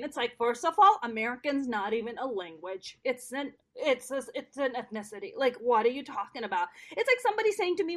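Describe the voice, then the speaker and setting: A woman from Pakistan, a guest in a casual interview, telling stories in an animated, joking way. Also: high voice, fast talker, hardly any pauses.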